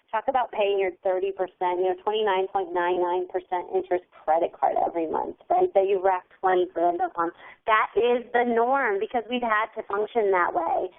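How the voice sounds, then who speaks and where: Young woman, motivational talk, earnest and chatty, average pitch, phone-line sound. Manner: earnest and emotional, chatty with many fillers. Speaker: team leader hosting a training call.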